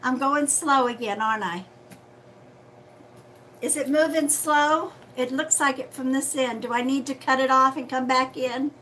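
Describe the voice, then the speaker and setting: A woman's voice: sits high, a little slow, pushed and bright, a little hiss or hum, low-quality recording. A woman hosting a casual livestream as a psychic reader, chatty and friendly, calling viewers sweetheart.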